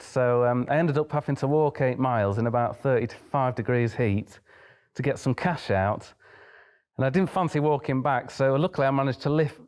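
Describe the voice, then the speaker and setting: A man's voice: mid-range voice, a little mellow. Chatty male pianist telling a story. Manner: chatty, acts out the dialogue in his story. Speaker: pianist, interview guest. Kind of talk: anecdotal interview storytelling.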